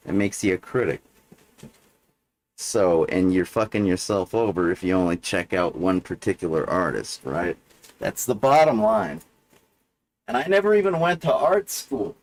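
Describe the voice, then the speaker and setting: Low-voiced man rambling on a livestream. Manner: meandering, full of fillers and self-corrections; casual, lecturing tone with "right?" check-ins. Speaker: livestream host. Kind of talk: rambling monologue.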